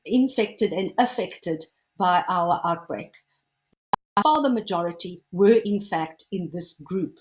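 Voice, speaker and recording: An older woman, a food safety expert giving a measured, explanatory lecture and stressing key words. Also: medium pitch, lo-fi sound. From South Africa. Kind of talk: lecture presentation.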